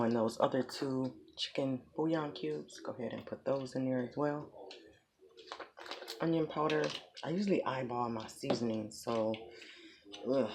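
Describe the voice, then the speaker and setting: A woman's voice: very deep voice, background noise. A woman giving a chatty, folksy home cooking tutorial in her kitchen. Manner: chatty, folksy, talks to viewers as y'all. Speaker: home cook.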